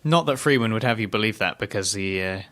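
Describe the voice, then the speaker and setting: A man's voice: fairly low pitch, lively intonation, fast, pushed and bright. A man co-hosting a podcast, chatting casually and analytically about a TV episode and reading out plot summaries. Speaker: podcast co-host. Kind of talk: casual discussion.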